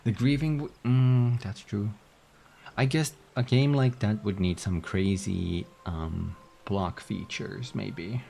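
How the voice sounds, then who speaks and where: A man's voice: on the low side, takes it slowly, gravelly, warm tone, a little hiss or hum. A man streaming a game, chatting casually and playfully with viewers. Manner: rambling, playful, hums and yawns. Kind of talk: casual gameplay chat.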